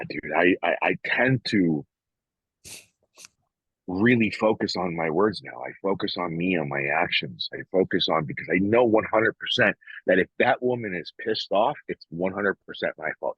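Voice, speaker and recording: A man's voice: low voice, husky, no room sound, dull audio. A man co-hosting a casual podcast, speaking frankly and reflectively, swearing freely and often restarting his sentences. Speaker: podcast co-host.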